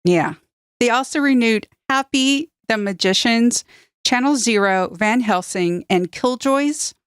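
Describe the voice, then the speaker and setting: A woman guest on a podcast, giving a brisk, matter-of-fact news roundup. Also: fairly high pitch, lively intonation, smooth, no room sound, studio quality.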